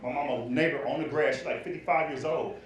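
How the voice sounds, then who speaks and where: A man doing a stand-up comedy set, telling a loud, profane story and acting out other people's lines. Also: on the high side, quick pace. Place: comedy club stage. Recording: echoey club with loud crowd.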